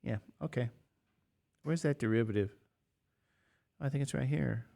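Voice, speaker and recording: A man's voice: medium pitch, measured pace, vocal fry, dark tone. Chatty man in his fifties teaching math. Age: 50s. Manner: chatty, rambling, jokey asides to students. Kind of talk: casual classroom talk.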